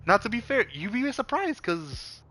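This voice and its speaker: A man's voice: extremely high pitch, sharp tone. A young man streaming a game, chatting casually in a rambling, profane way, full of stop-start restarts.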